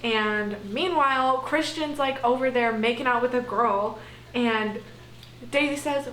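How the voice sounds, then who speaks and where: A young woman, a book vlogger, chats casually to camera about the book she's reading, gushing and swearing freely. Her voice is a little high and fairly bright, at normal speed. She uses the camera's own mic in an echoey room, with slight background noise.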